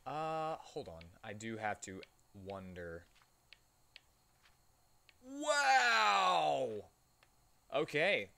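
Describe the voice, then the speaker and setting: A man's voice: lowish voice, sing-song, slow, hardly any pauses. A young man streaming a game, reading its text aloud and breaking off for playful, jokey asides. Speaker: gaming streamer.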